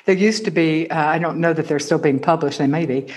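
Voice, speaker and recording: Woman, interview host, lowish voice, chatty and thoughtful, affirming murmurs. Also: brisk, a little mellow, slight background noise. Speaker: podcast host. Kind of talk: conversational interview.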